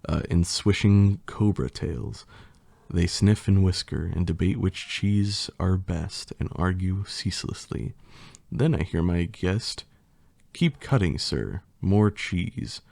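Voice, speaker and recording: A man's voice: sits low, steady tone, slow pace, creaky, a little mellow, no room sound. A man reading a playful poem for an ASMR video, repeatedly breaking into laughter as he reads. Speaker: ASMR creator.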